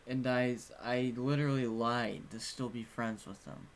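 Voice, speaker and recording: A young man talks casually about his own past, rambling from one detail to the next and swearing freely. His voice sits at an ordinary middle pitch. A faint hiss runs under the recording. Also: steady tone, measured pace, few pauses. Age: young adult. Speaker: vlogger. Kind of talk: casual personal storytelling.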